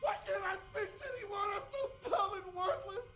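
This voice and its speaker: An actor playing a panicky middle-aged TV-doctor parody who has melodramatic meltdowns in an animated skit. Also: male voice, extremely high pitch, moderate pace, over music. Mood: hysterical. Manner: melodramatic, swings into shouting meltdowns.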